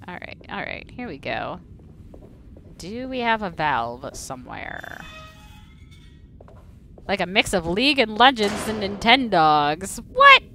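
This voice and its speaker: A woman's voice: medium pitch, very animated, slow, pauses often, pushed and bright, faint music behind. A young woman playing a horror game and joking as she talks to herself and her viewers. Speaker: game streamer. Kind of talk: casual gameplay commentary.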